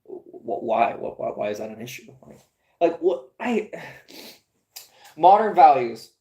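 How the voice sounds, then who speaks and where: A woman's voice: a bass voice, very animated, moderate pace, warm tone, echoey room. A woman in her twenties chatting casually, profane and incredulous, stammering over restarts as she reads aloud. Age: 20s. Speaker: comics podcast host. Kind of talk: casual rambling commentary, reading aloud from a screen.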